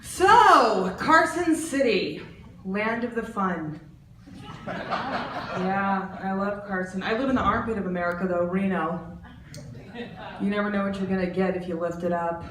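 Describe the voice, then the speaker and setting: A woman in her forties doing a stand-up comedy set, animated and lively, jumping into loud, high voices for the people in her stories. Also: unhurried, pauses often. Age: 40s. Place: art center stage. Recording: roomy, distant, faint background noise.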